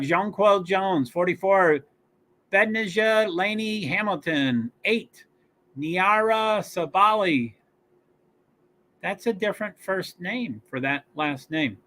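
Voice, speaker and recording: Hosting a relaxed watch-along stream for a sports game, this man reads out rosters and stats, peppered with fillers, pauses and friendly side comments. His voice sits high and sounds pushed and bright.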